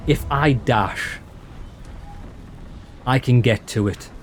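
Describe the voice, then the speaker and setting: A man giving excited, chatty commentary on a game he is playing, talking to viewers as lads. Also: mid-range voice, slow pace, faint music behind. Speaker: let's play host. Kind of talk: casual gameplay commentary.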